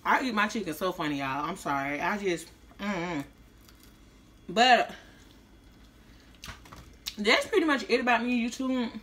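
A woman talks to her viewers in a loose, slangy mukbang chat. She chews between lines and sounds a little slurred. Her voice is bright and forceful, with a middle pitch. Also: expressive, measured pace, long pauses, a little hiss or hum. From Tampa, Florida, US. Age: 30s. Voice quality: slightly slurred speech after orthodontist visit. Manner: slangy, chatty, talking while eating. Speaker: vlogger. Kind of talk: casual mukbang vlog chat.

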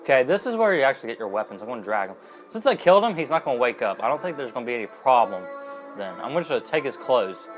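A man's voice: mid-range voice, big pitch swings, fast talker, soft background music, poor audio. A young adult man giving casual, rambling let's-play commentary as a gaming host, with plenty of fillers and self-corrections.

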